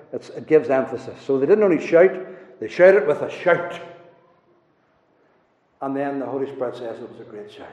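A man preaching a sermon, swinging between loud rising declarations and hushed low asides. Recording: roomy hall echo, dull lo-fi sound.

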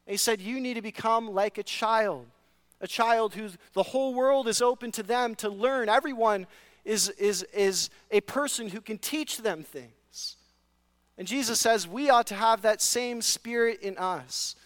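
A man's voice: sits high, unhurried, a bit bright. A male pastor preaching a sermon, earnest, posing rhetorical questions to the congregation and reading scripture, with the odd dry sarcastic aside. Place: church sanctuary. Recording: long reverb of a large hall.

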